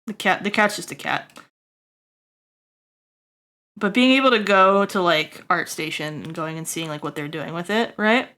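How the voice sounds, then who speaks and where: At a moderate pace with long pauses, a woman streamer rambles through a casual character design critique, filling it with fillers and frequent "right?" check-ins. She makes jokey asides to her chat and now and then erupts high and loud.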